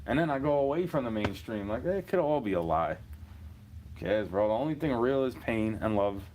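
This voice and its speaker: A man's voice: medium pitch, expressive, normal speed, darkish tone, a little hiss or hum. A man in his thirties from New York City, ranting in a rambling, profane monologue and chuckling between points.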